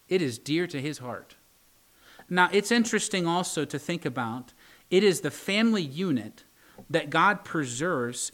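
Brief: male pastor, fairly high voice, sermon delivery, slow deliberate scripture reading, rhetorical questions, light teasing asides. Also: a bit bright. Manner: reads scripture slowly and deliberately, asks the congregation rhetorical questions.

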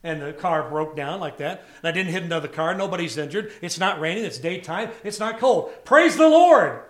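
A man preaching a sermon to a church congregation, telling personal stories with lively call-outs to the listeners. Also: a little high, a little fast. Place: church service before a congregation.

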